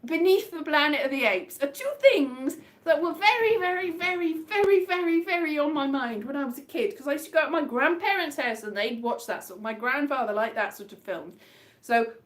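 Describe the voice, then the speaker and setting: A woman's voice: sits high, lively intonation, a little fast. A woman chatting casually on a live stream from home, rambling between tangents. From Wales. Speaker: comedian live-streaming to viewers. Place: indoors at home.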